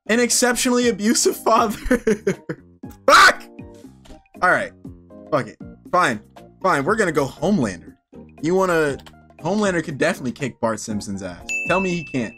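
A man's voice: high-pitched, very animated, moderate pace, fairly bright tone, faint music behind. A young man giving casual, sarcastic gameplay commentary, laughing and swearing as he plays. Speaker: gaming video creator.

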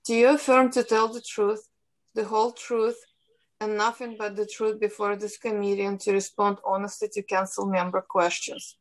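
A woman with a Russian accent moderating a council hearing over a video call, reading formal procedural instructions in a measured way. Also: mid-range voice, little pitch movement, rough recording. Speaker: hearing moderator, policy analyst.

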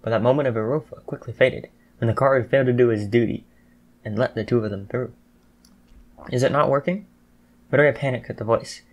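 A man narrating a fan fiction audiobook in a steady storytelling voice. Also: mid-range voice, fast, muffled recording.

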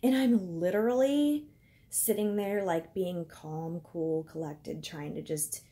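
This thirties-aged woman vlogs from home, recounting something personal with lots of filler words and impressions of what others said. She speaks slowly in a fairly low, dark-toned voice.

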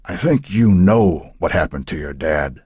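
A man playing a calm, firm police chief. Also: deep voice, breathy edge, dry recording, studio quality, heavily acted. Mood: soothing. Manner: measured, soothing, authoritative.

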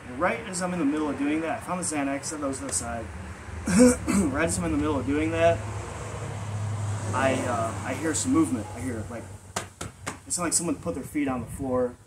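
Brief: male vlogger, casual rambling storyteller, average pitch, noisy recording. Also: brisk. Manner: rambling, full of fillers. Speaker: vlog storyteller.

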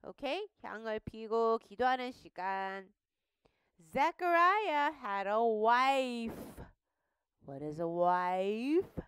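A woman teaching a Bible lesson to young children, asking questions and having them repeat words slowly. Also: on the high side, smooth, dry recording, studio quality. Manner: animated, slow and questioning, prompts children to repeat. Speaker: Sunday school teacher. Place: studio.

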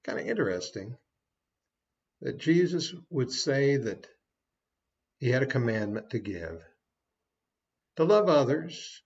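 A man's voice: mid-range voice, very animated, slow, pauses often, highs cut off. A man giving a short devotional sermon as a preacher, folksy and conversational with small asides.

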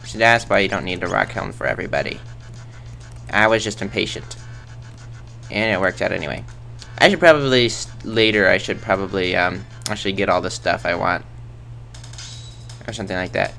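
A man's voice: deep voice, brisk, vocal fry, pauses often, sharp tone, soft background music. A man rambling through casual game commentary in a goofy, self-mocking way, tossing in silly sound effects. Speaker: let's play host.

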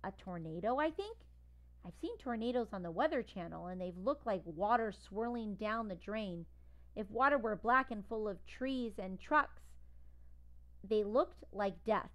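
A woman's voice: mid-range voice, lively intonation, a little slow, fairly bright tone. A small, nervous male dog from a storybook talks casually and plainly, voiced by a woman reading aloud. He sounds honest and a little shaken.

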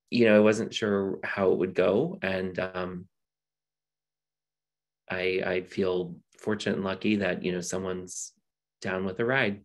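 A man's voice: on the low side, vocal fry. A man on a panel, sharing personal stories thoughtfully with many ums, over a video call mic.

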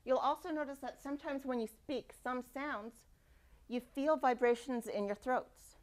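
A woman giving a university lecture, lively and demonstrating speech sounds aloud. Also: sits high, moderate pace. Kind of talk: classroom lecture. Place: lecture hall.

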